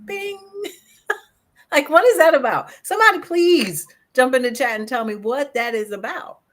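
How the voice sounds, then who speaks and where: A woman's voice: high voice, normal speed. A woman co-host with a Brooklyn accent, chatting casually and playfully. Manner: animated and playful, mimics people. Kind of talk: casual chat.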